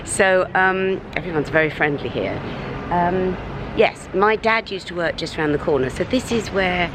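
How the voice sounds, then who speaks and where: A middle-aged British woman talking to camera in a casual vlog, ranting animatedly with big swings in pitch. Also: lively intonation, moderate pace, noisy background. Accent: British English. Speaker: vlogger. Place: at home and out on a city street.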